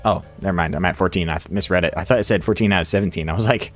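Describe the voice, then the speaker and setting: Male streamer, low voice with a lively swing, casual play-by-play, quiet music underneath. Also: quick pace. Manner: chatty, laughs often, talks to himself while playing. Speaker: game streamer. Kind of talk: casual live-stream commentary. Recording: faint music behind.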